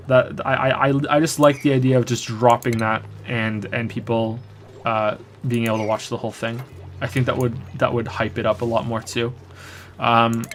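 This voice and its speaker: A man casually answering chat questions on a live stream while playing a game, rambling with frequent restarts and fillers. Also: medium pitch.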